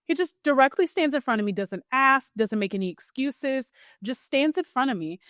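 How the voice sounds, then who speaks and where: Brief Young woman podcast host, animated storyteller, bright high-ish voice, very lively pitch, dry close mic. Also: normal speed, dry recording. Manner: animated storyteller, swoops high when quoting herself. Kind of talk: casual chat.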